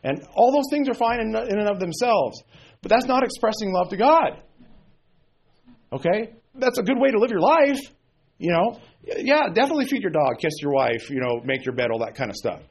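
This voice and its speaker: A man's voice: high-pitched, sing-song, moderate pace, husky. A man preaching an informal sermon, blunt and sarcastic, with folksy asides. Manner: mocks emotional prayers in exaggerated voice.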